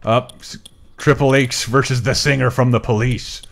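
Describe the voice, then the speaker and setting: A man's voice: medium pitch, fairly even intonation, normal speed, gravelly. A man hosting a casual livestream, joking, rambling and reading chat comments aloud with frequent laughter. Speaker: podcast host.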